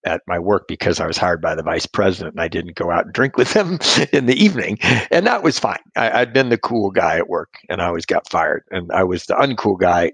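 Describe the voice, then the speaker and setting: Gravelly, husky middle-aged man rambling. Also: sits low, no echo. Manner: rambling and self-deprecating, with frequent restarts and chuckles. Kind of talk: personal storytelling in conversation.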